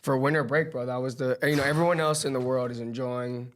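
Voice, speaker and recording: A man's voice: medium pitch, steady tone. A male podcast host and wrestling coach in casual chat, peppering his talk with "bro". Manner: rapid, says "bro" constantly.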